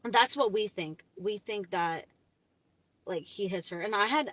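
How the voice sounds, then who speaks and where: A young woman tells a story to her phone camera from the driver's seat, rambling with endless fillers and growing more excitable as she goes. Her voice sits at an ordinary middle pitch. The sound is dry and close, with no room echo. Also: measured pace. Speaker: vlogger. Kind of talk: casual storytime vlog.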